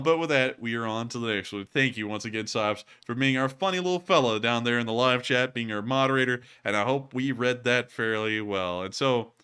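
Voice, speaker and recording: A male livestream host chatting casually from a home setup. His voice is bright and smooth, and he rambles through viewer comments with frequent fillers and small laughs. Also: mid-range voice. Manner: rambling, chuckling, many fillers.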